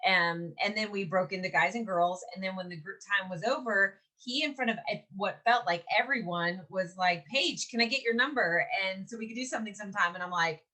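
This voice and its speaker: A woman in her forties from Mississippi, co-hosting a podcast and telling a story in a lively, chatty way, laughing often and acting out what people said. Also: medium pitch, brisk, few pauses. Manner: animated, laughs often, acts out quotes. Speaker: podcast co-host. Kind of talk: casual storytelling chat.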